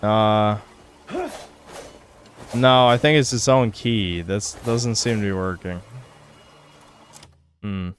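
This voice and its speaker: A man's voice: lowish voice, steady tone, slow, long pauses, slight background noise. A young man streaming a video game, talking to himself, swearing and getting frustrated with the controls. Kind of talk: live gameplay commentary.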